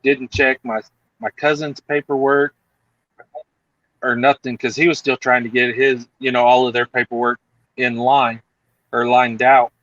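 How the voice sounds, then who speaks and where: A man's voice: mid-range voice, unhurried, pauses often, dry recording, muffled recording. A man telling a story in casual chat over a video call, acting out the other people in it. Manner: animated, acts out other people's lines.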